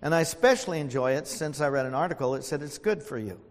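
A man's voice: on the high side, fast. Older male preacher, homespun illustrations, asks the room for amens; recorded in a reverberant sanctuary. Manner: folksy storytelling, calls for amens. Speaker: pastor. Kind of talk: sermon. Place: church sanctuary. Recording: long hall reverb.

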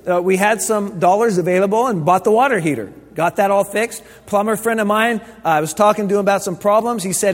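A man's voice: sits high, brisk, hardly any pauses. A man preaching a sermon as pastor, telling stories in a casual, conversational way with frequent restarts. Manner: conversational storytelling, many restarts. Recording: long hall reverb.

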